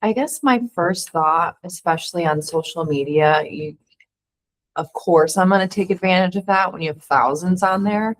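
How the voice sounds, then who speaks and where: Panelist, female, very low voice, candid and questioning. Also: moderate pace. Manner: candid, questioning, thinking aloud. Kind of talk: casual panel discussion.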